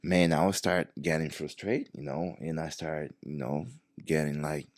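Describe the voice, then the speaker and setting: A man's voice: rumbling low, moderate pace, no room sound, clean studio sound. A man, a jiu-jitsu professor telling a story in casual talk, acting out the dialogue as he goes. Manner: animated, acts out quoted dialogue.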